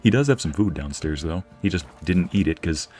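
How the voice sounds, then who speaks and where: A man's voice: low voice, lively intonation, fairly quick, a little mellow, soft background music. A young man casually commenting on a game he is playing, joking and laughing often. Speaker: streamer narrating a game playthrough.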